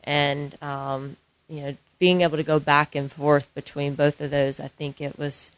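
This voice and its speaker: A young woman, a golf and fitness instructor, answering interview questions softly with many ums and fillers. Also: low voice, level tone, a little slow. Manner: soft-spoken, many ums and you-knows.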